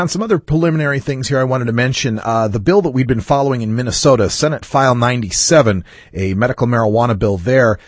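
Male podcast host, husky, animated delivery, dry close sound, wry casual chat. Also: medium pitch, no echo. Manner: lively, wry, chatty delivery.

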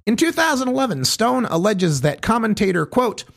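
Man, commentary, high lively voice, gravelly, measured, pointed. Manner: measured, pointed, stresses each quote with pauses. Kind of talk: reading a list of quotes, commentary.

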